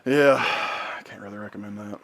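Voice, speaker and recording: A man's voice: fairly low pitch, moderate pace, gravelly, fairly bright tone, no room sound. A man co-hosting a podcast, chatting casually and animatedly retelling a comedy sketch through laughter. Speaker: podcast co-host. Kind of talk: casual chat.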